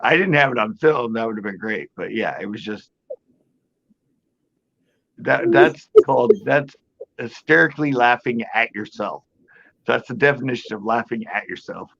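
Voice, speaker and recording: A man's voice: medium pitch, moderate pace, gravelly, long pauses, lo-fi sound, a little hiss or hum. A man chatting casually on a podcast panel, telling a story with lots of laughter and acted-out quotes. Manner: animated storyteller, acts out quoted voices, laughs a lot.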